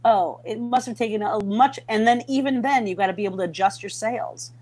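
A middle-aged woman from Minnesota telling a story in a casual chat, lively and often acting out the voices of people she quotes. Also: fairly high pitch, brisk. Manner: animated, acts out quoted voices, many restarts. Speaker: podcast guest.

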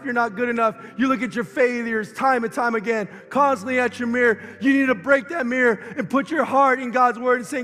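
A male pastor preaches with fervor, his voice strikingly high and going hoarse as he loses it. His shouted lines ring out with a long hall reverb. Soft music plays behind him. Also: fairly even intonation, brisk, hardly any pauses. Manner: impassioned preaching, rising to shouts. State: losing his voice. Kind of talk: sermon.

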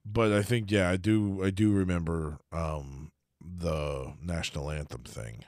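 A man's voice: low voice, steady tone, unhurried, a little mellow, no room sound, clean studio sound. A man co-hosting a podcast, telling wrestling stories in a laid-back, amused way, with a lot of restarts. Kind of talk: casual storytelling chat.

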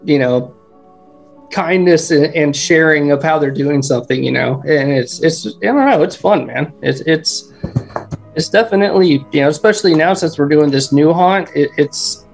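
A man's voice: on the high side, normal speed, gravelly, soft background music. A man as a podcast guest talking about building home haunts in a loose, rambling way, with "you know" in almost every sentence. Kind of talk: casual chat.

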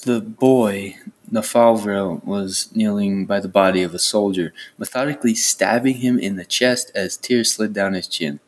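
A man's voice: on the low side, measured pace. A man reading a fantasy novel aloud in a plain way, with small stumbles. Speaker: reader.

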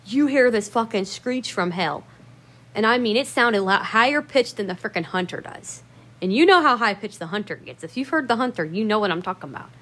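A woman's voice: medium pitch, expressive, brisk, a bit bright. A woman telling a personal story in a casual, rambling way, swearing often and stressing her words for emphasis.

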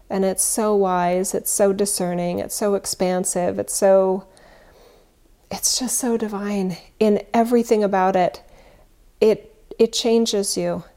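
A woman's voice: mid-range voice, mellow. A woman who leads spiritual retreats, talking casually and earnestly, rambling and correcting herself as she goes. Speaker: spiritual teacher and retreat leader.

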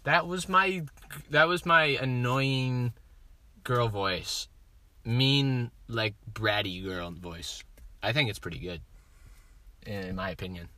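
A young man co-hosting a casual podcast in a car, goofy and quick to laugh. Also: mid-range voice, dry recording. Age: young adult. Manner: goofy, laughing, bursts into yelled voices. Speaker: podcast co-host. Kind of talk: casual chat. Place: parked car.

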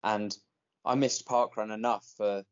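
A man's voice: on the low side, steady tone, unhurried, clear, resonant tone. A man on a comedy podcast, rambling and tripping over his words. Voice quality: rambling, stumbling restarts. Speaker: podcast co-host. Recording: slightly dull lo-fi sound.

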